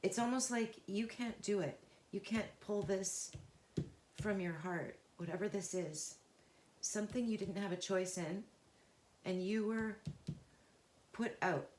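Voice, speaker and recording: A woman giving an unscripted, intuitive tarot reading, earnest and emotionally involved, talking in a halting, searching way with pauses and restarts. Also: mid-range voice, darkish tone, roomy sound, a little hiss or hum. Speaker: tarot reader.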